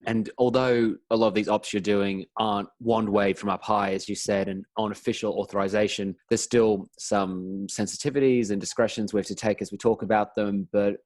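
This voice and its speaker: An Australian man hosting an interview podcast, framing his questions in a measured, careful way. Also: on the low side, steady tone, a little mellow, no echo. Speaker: podcast host.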